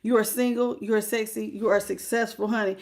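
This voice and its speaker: A woman, giving a lively, sassy live tarot reading straight to the viewer. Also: mid-range voice, brisk. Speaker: tarot reader.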